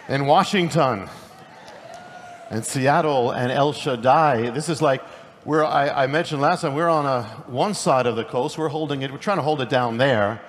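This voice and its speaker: A middle-aged man preaching at a conference in a quick, conversational way, often restarting his sentences. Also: medium pitch. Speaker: pastor and speaker. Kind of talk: conference sermon. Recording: long hall reverb, faint noise.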